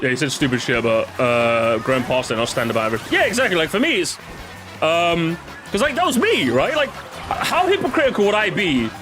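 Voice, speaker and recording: A man's voice: on the high side, sing-song, a little fast. A young man chatting casually with viewers as he plays, rambling and swearing freely, with game music behind him. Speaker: streamer. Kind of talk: casual gaming commentary.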